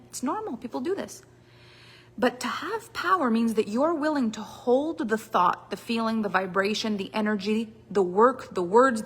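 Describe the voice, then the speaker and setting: A woman giving a motivational coaching talk, emphatic and repetitive, dropping to quiet asides and rising again. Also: mid-range voice, breathy edge. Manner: emphatic, repetitive, dramatic shifts in loudness. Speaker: business coach. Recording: long reverb of a hall.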